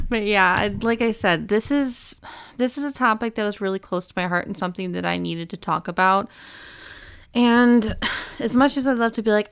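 Young woman, podcast monologue, gravelly, smooth and dry close sound, earnest and emotional. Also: fairly high pitch, no echo. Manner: earnest, emotional, speaks haltingly with restarts. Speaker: podcast host. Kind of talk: personal monologue.

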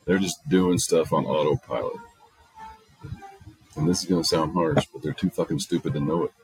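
A man's voice: extremely low pitch, fairly even intonation, moderate pace, a little mellow, no room sound, poor audio. A middle-aged man hosting a casual monologue, telling stories in a blunt, profane way. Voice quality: gravelly, husky. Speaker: podcast host.

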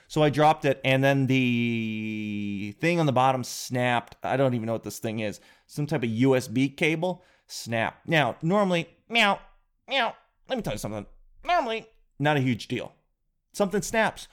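A man hosting his own podcast, telling a rambling comic story in an animated, jokey way. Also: medium pitch, moderate pace, clear, resonant tone. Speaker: podcast host. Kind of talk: comedic podcast monologue.

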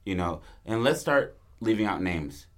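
A man with a deep, low voice talks through film ideas in a loose, casual chat. He gets animated as he plans scenes, and he acts out the characters' lines in quick bursts. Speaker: co-writer planning a film.

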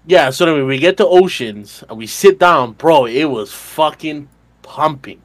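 A man's voice: fairly high pitch, expressive, unhurried, no room sound. A man in his twenties, a podcast co-host, telling a bar story in casual chat, rambling and swearing, full of fillers. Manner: rambling, profane, filler-heavy retelling with laughs.

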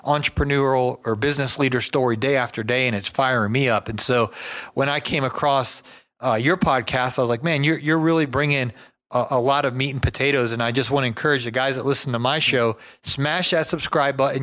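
A man's voice: mid-range voice, steady tone, fairly quick, a bit bright. A man hosting a podcast, chatting enthusiastically with a guest and reading plugs and promos. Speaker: podcast host. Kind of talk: casual podcast interview. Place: Georgia.

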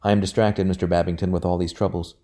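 Storybook figure: a man playing an anxious young gentleman, fretful, peevish, deep-voiced. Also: flat delivery, fast talker, lightly acted. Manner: fretful, complaining.

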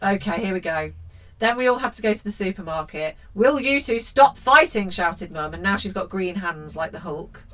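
A woman's voice: on the low side, fairly quick, a bit bright, low-quality recording. A woman co-hosting a podcast, reading a children's book aloud and commenting on it in a sarcastic, sweary, mock-outraged way. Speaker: podcast co-host.

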